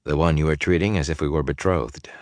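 A man voicing a wounded young hero, speaking quietly and wearily in an audiobook. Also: a bass voice, fairly even intonation, fast, no room sound, clean studio sound. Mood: weary. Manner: quiet, tired, subdued.

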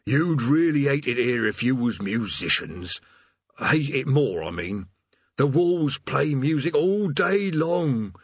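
A man doing a gloomy demon doorkeeper of hell, his rasping voice pitched up high and swinging all over the place. He drags slowly through a forced, polite welcome script, then sinks into a mournful grumble, all on a slightly dull, lo-fi audiobook recording. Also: animated, dry recording, full character voice. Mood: mournful grumbling. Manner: mournful, reciting a customer-service script through gritted teeth. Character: weary male demon doorkeeper of hell, put-upon, grumbling.

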